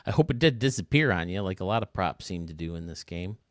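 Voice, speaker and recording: A man's voice: deep voice, a little fast, dry recording, studio quality. A man giving casual, chatty gameplay commentary, talking to his viewers as he tours a built stadium. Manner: chatty, excitable, talks to viewers. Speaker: video game stadium reviewer.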